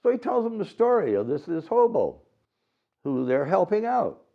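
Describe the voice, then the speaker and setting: A man giving a dharma talk at a temple, retelling a story with lively acted-out voices. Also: high voice, normal speed, creaky. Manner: animated retelling, acts out voices. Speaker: Buddhist teacher. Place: temple hall. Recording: dull lo-fi recording.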